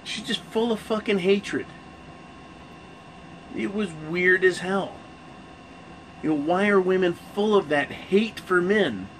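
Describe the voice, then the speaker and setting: A man hosts his own channel and talks straight to camera in a loose, cursing rant. He stumbles and restarts his sentences, and his voice sits a little high. A faint air conditioning hum runs underneath. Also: slow pace, long pauses, a bit bright, poor audio. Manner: profane, rambling rant with restarts. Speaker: channel host. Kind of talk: casual monologue to camera.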